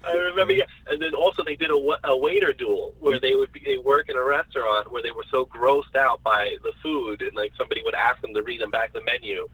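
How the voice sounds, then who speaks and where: A man's voice: mid-range voice, fairly even intonation, fast talker, hardly any pauses, pushed and bright, breathy edge, no echo, rough recording. A man in a casual podcast chat, enthusiastic and often repeating words while he searches for what to say.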